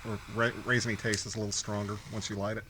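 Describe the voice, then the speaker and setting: A man's voice: on the low side, little pitch movement, rapid-fire, noisy background. A man co-hosting a casual review podcast, chatting with dry joking asides. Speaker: podcast co-host.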